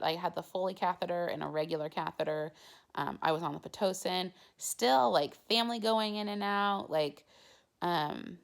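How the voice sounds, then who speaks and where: A woman's voice: lowish voice, vocal fry. A young woman vlogger telling a personal story in a casual, chatty way, full of "like" fillers. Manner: chatty, heavy use of "like" fillers.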